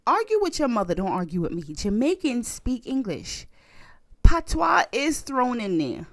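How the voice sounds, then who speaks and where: Animated woman in casual podcast chat. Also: fairly high pitch, brisk, no echo, studio quality. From United States. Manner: animated storytelling, laughs often. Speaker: podcast co-host.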